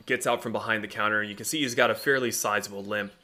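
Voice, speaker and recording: Bright-voiced man running a tabletop game. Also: fairly low pitch, fairly even intonation, fast, hardly any pauses. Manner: laughs often while narrating. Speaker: game master.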